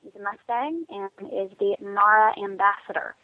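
A woman's voice: mid-range voice, moderate pace, no room sound. Bubbly woman on a muffled phone line. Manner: bubbly, effusive, gushing. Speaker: guest country singer. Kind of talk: casual radio interview.

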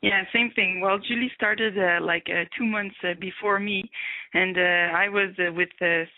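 A woman's voice: medium pitch, steady tone, moderate pace, dry recording. A woman with a Quebec French accent, a native French speaker, talking playfully with many fillers as a guest in a phone interview. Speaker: interview guest, horseball player. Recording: tinny phone line.

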